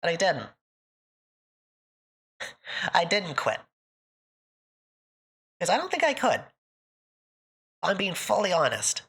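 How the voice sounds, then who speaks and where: A woman's voice: fairly low pitch, wildly swooping pitch, slow pace, long pauses, a bit bright, husky. A woman streamer chatting with her live audience, emotional and close to tears, laughing often between thank-yous. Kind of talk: casual live-stream chat.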